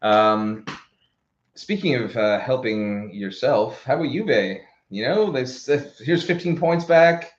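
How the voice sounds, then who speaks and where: A man co-hosting a football podcast, telling a match story in animated casual chat with restarts and swearing. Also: mid-range voice, slow, a little hiss or hum. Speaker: podcast co-host. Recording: roomy, dull lo-fi sound.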